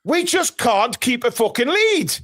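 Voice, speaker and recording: Excitable high-voiced man. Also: measured pace. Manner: excitable, shouting and swearing at goals. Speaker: fan channel host. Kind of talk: live football watchalong commentary.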